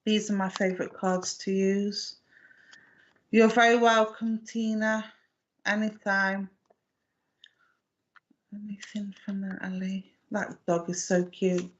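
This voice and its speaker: Gentle woman giving a psychic reading. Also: mid-range voice, level tone, slow pace, pauses often, dull audio. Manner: gentle, affectionate, hesitant with many fillers and restarts. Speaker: psychic medium. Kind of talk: live online mediumship reading.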